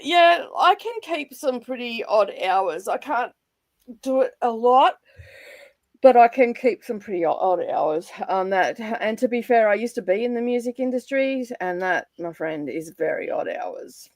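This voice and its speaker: A woman's voice: fairly high pitch, expressive, unhurried, dry recording. A middle-aged Australian woman in casual chat on a livestream, rambling and chatty, with lots of fillers and frequent laughter. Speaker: livestream guest.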